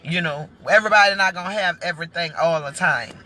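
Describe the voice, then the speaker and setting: Earnest, bright-voiced woman host. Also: lowish voice, a little hiss or hum. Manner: heartfelt, preachy, speaks straight to viewers; emotional, halting restarts. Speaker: talk show host. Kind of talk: casual live-stream talk.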